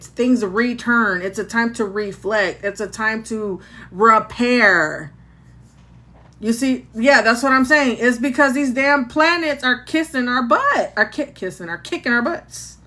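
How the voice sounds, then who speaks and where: Chatty high-voiced woman livestreamer. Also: sharp tone. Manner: chatty, answers chat comments, restarts and fillers. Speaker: livestream host. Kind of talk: casual live chat about astrology and gossip.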